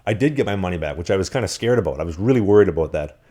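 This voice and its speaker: Fast-talking man telling stories on a podcast. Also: deep voice. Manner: animated, rambling anecdotes with acted-out quotes. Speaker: podcast co-host. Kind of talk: casual storytelling.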